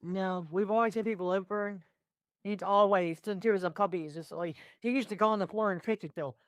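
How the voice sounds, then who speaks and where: A player chatting casually at a game table, rambling and halting. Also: mid-range voice, fairly even intonation, smooth, no room sound. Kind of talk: casual chat.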